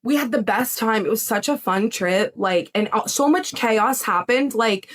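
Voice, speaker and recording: Her voice slightly high and her pace moderate, this young adult psychic medium chats casually as a podcast guest. She tells her story with lots of energy and laughter, acting out how others spoke.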